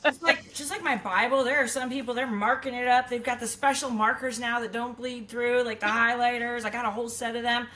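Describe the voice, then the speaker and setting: A woman in her thirties hosting a podcast, chatty and quick to laugh in a casual conversation. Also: a little high, steady tone, pushed and bright. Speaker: podcast host. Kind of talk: casual chat.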